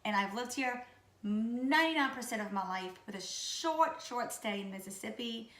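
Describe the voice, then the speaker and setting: Raspy, sick-sounding woman vlogger. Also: on the high side, animated, moderate pace, fairly bright tone, roomy sound. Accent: Louisiana. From Louisiana. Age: 30s. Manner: goofy, chatty. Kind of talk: casual chat to camera. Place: room at home.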